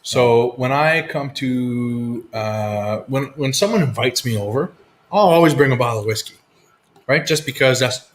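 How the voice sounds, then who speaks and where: A man's voice: mid-range voice, expressive, unhurried. A man hosting a casual live whisky chat, laid-back and swearing freely as he tells stories. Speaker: whisky show host.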